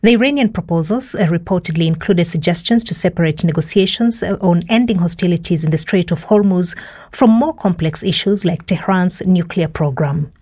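A woman's voice: lowish voice, brisk, darkish tone. A woman presenting a radio news programme, conversational with small fillers.

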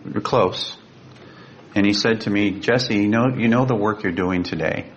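A man with a gravelly voice, a guest telling a personal story in an earnest, vivid way. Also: moderate pace. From Sacramento, California. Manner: earnest, vivid, emotional retelling. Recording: dull lo-fi with faint rumble.

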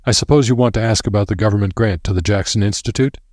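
Imagine a man reading a pompous, condescending senior physician in a storybook, his deep voice turning haughty and dismissive. The tone has a husky grain and sits dry and close, with no room around it. He talks down to his listener. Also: fast, darkish tone, no echo, natural voice.

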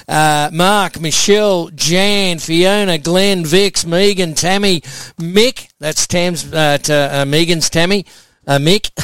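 A man's voice: high voice, a bit bright, smooth, dry recording. A man with an Australian accent, hosting a casual late-night radio show and chatting between requests in a laid-back way. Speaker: radio host playing listener requests.

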